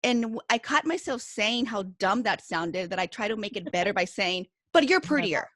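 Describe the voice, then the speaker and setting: A woman's voice: medium pitch, normal speed, fairly bright tone, no echo. A woman on a radio show in a studio, telling an embarrassing story in a sheepish, rueful way. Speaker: radio co-host. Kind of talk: casual studio chat. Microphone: studio microphone.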